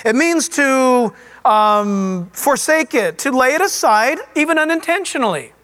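A man's voice: extremely high pitch, unhurried. Guy pastor preaching casual, voice bouncing all over, keeps asking the crowd stuff. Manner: animated storytelling, asks the listeners questions. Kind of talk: conversational sermon.

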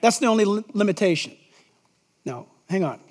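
High-voiced preacher in a reverberant church. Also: male voice, lively intonation, moderate pace, a little mellow. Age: middle-aged. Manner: emphatic, conversational preaching with Scripture readings. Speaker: pastor. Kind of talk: sermon. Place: large church sanctuary. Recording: long reverb in a large church.

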